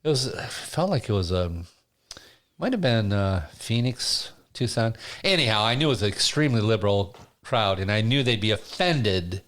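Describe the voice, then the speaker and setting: A man, a stand-up comedian, telling stories in a casual studio interview, quick and chuckling. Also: lowish voice. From Detroit area. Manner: animated storyteller, quick and chuckling.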